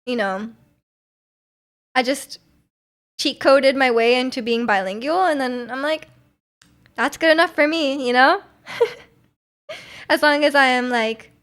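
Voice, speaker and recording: A young woman with a slightly high, somewhat bright voice chats casually with her live stream viewers and their live chat. She rambles, restarts her sentences, and often breaks into giggles.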